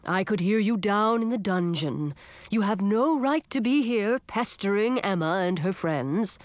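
Woman voicing an old ghost king, slow and measured, quietly threatening, dry close sound. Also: medium pitch, lively intonation, dry recording, close to an everyday voice. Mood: stern. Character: calm stern old male ghost king.

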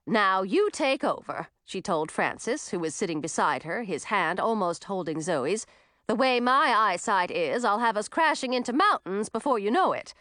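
A woman voicing a bossy old witch woman who talks in a brisk, commanding way. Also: mid-range voice, very animated, a bit bright, dry recording, clean studio sound.

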